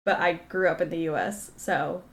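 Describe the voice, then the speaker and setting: Giggly, excitable woman game streamer. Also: fairly low pitch, moderate pace. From Kentucky and Texas, US. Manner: excitable, giggly, chatty with viewers. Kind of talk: casual chat while playing a game.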